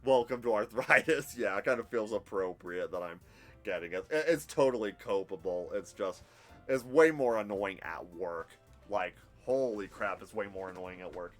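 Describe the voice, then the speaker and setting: Thirties male streamer, low, candid, rambling chat. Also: normal speed, faint music behind. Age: 30s. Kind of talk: casual live-stream chat and game narration. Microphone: headphones with desk mic.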